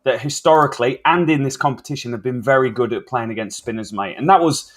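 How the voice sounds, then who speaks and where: A man's voice: medium pitch, fast talker, husky. A man hosting a cricket podcast, talking in an upbeat, matey way with easy banter. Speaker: podcast host. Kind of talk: casual cricket chat.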